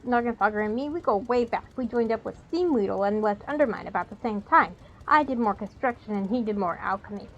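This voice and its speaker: A woman's voice: mid-range voice, animated, brisk, highs cut off, slight background noise, close to an everyday voice. A woman voicing a streetwise male goblin with a put-on New York accent, blunt and slangy. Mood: reminiscing. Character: streetwise adult male goblin, tough-talking.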